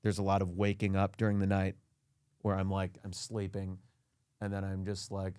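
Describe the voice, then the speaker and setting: A man as a podcast guest in a comedic rant, indignant and self-pitying, his voice climbing high as he complains. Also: monotone, normal speed, darkish tone, clear, resonant tone, no room sound, clean studio sound. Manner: indignant, whiny self-pity, voice climbs high when ranting. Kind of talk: comedic mock interview rant.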